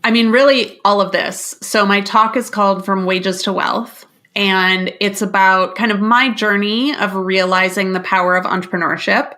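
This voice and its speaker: A woman business coach talks as a guest on a podcast. Her voice is bright and forward, and her delivery is candid and loosely rambling, with a swear word here and there. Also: medium pitch, fairly even intonation, moderate pace, few pauses. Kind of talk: casual interview talk.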